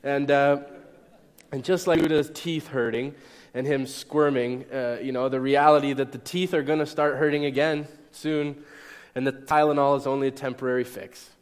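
A young man delivers a sermon in a relaxed, conversational manner. He keeps checking that his listeners follow along. His voice carries a long reverb from a large hall. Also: mid-range voice, normal speed, clear, resonant tone. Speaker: pastor. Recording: echoey hall.

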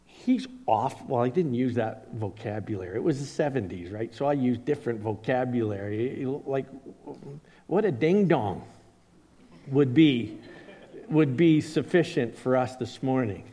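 A man's voice: medium pitch, moderate pace, dark tone. Male pastor telling stories in a hall. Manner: storytelling, acts out quoted voices. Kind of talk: sermon with personal stories.

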